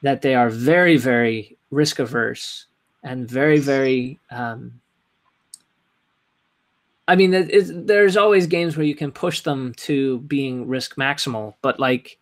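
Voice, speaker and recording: A man's voice: mid-range voice, takes it slowly. A young man as a podcast guest in casual chat, rambling with many "like"s and "right?"s.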